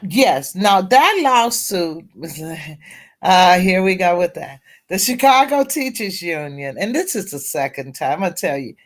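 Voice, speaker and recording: A woman's voice: lowish voice, very animated, unhurried. A middle-aged woman, a teacher advocate and guest at a round table discussion, telling her story bluntly and candidly.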